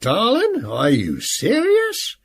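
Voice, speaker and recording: A male narrator puts on a chatty middle-aged woman clerk with a slight Western twang. She is folksy and sing-song, calling everyone hon and darling. Her voice is a bit husky and swoops up and down. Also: high-pitched, wildly swooping pitch, slow pace, voice pushed up, heavily acted. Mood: proud.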